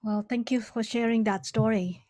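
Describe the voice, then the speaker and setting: A woman's voice: fairly high pitch, fairly even intonation, moderate pace, mellow, dry recording, studio quality. A woman hosting an interview, speaking hesitantly with many fillers. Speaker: podcast host. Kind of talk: casual interview chat.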